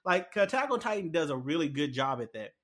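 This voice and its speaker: A man chatting casually and excitedly about a show, rambling with lots of fillers and restarts. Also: fairly high pitch, fairly quick. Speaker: anime commentator. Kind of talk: casual chat.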